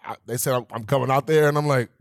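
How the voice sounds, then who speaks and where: A relaxed man in his thirties, a guest in an interview, tells a story in a loose, profane way. He acts out the quoted lines with lively voices. His voice sits at a middle pitch and is recorded close and dry, with no room sound. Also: fast talker, creaky, no room sound. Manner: laid-back, swears freely, acts out quotes, laughs while telling. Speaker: guest, professional athlete.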